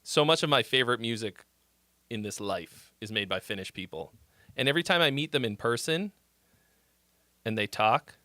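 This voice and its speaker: A man hosting a casual song-critique livestream, talking in an animated, rambling way with plenty of swearing. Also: mid-range voice, normal speed, long pauses, dry recording. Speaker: music critique livestream host.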